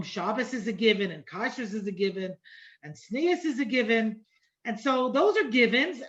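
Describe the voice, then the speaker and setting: A woman's voice: a little high, fairly bright tone. Middle-aged woman teaching a conversational class. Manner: conversational, repeats phrases and asks "right?" often. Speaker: teacher of an online Torah class. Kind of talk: informal lecture. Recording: dull lo-fi online class audio.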